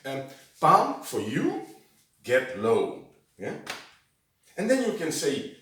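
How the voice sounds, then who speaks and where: A man whose first language is Dutch gives an informal singing lesson. He talks haltingly, keeps demonstrating low sung tones and tags his sentences with a questioning "eh?". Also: wildly swooping pitch, a bit bright. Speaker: vocal instructor. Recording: very echoey room, from a distance.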